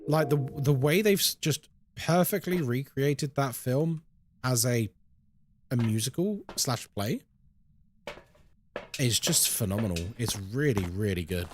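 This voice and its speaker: Lively man streaming a horror game. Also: medium pitch, measured pace, a little hiss or hum. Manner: chatty, reacts aloud to the game and greets viewers. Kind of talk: live gameplay commentary and chat.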